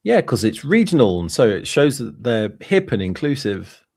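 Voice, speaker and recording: A man from England with an average-pitched voice, chatting casually as a podcast host. He tells anecdotes in a relaxed, easygoing way. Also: moderate pace, slightly rough. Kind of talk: casual chat.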